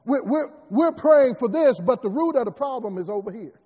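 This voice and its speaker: High-voiced preacher in a reverberant hall. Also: male voice, expressive, moderate pace, dark tone, slightly rough. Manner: repeats words and builds emphatic rising lines. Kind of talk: sermon.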